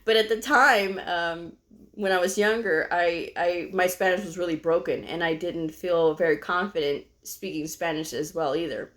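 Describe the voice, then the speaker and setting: Middle-aged woman from texas, lowish voice, rambly chatty storytime, lots of you knows. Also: fairly even intonation, moderate pace, fairly bright tone. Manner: chatty, with many fillers like "you know". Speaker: medical coder vlogger. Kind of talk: casual storytelling to camera.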